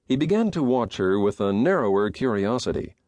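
Brief: man, western audiobook narrator, animated delivery, dry close studio mic. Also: on the low side, no room sound. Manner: measured, expressive storytelling. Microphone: studio microphone.

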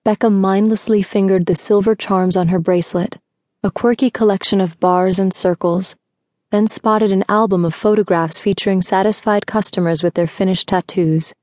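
A woman narrating an audiobook with steady, even storytelling, recorded in a studio. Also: medium pitch, moderate pace, dry recording. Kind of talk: scripted narration.

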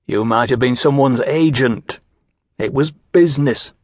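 A man voicing a smooth, cold gentleman from Manchester with a Mancunian accent, slow and superior in manner. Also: mid-range voice, no echo, studio quality, natural voice.

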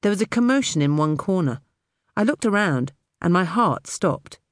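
A woman narrating an audiobook in the first person with expressive storytelling. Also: fairly low pitch, normal speed, dry recording, studio quality.

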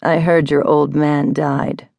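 A woman narrator voicing an unhinged woman caller who mocks and threatens slowly, in a sinister tone. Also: low-pitched, flat delivery, vocal fry, a little mellow, dry recording, heavily acted. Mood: sly. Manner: mocking, slow and sinister.

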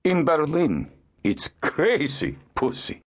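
A man's voice: fairly high pitch, big pitch swings, slow pace, slightly rough, pitched above the performer's own voice, heavily acted. A man doing a stern, skeptical older uncle. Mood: teasing. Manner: probing, dry and commanding. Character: stern worldly middle-aged uncle, skeptical.

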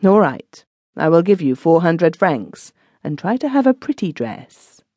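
A woman's voice: lowish voice, big pitch swings, a little slow, warm tone, dry recording, highs cut off. A woman doing a timid, coaxing clerk husband. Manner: coaxing, stammering.

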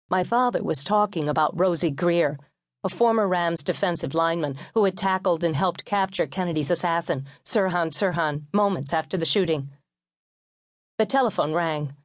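A woman narrating a memoir audiobook in a measured, wry storytelling manner, recorded in a studio. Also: on the low side, dry recording.

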